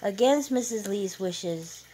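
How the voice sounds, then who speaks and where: A woman narrating a novel chapter aloud at a steady, measured pace. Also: medium pitch, breathy edge, rough recording.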